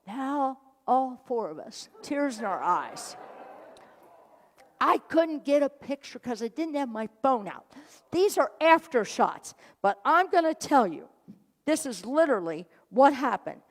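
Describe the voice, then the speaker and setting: A woman minister preaches in a church sanctuary, her high voice swinging widely in pitch at a slightly slow pace, with hall reverb around it. Her sermon tells a story with jokes, acting out the people she quotes.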